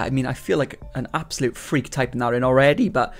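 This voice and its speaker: A man's voice: fairly high pitch, animated, quick pace, few pauses. A man hosting a reaction commentary, sarcastic and ranting, breaking into laughter often. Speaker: commentary host.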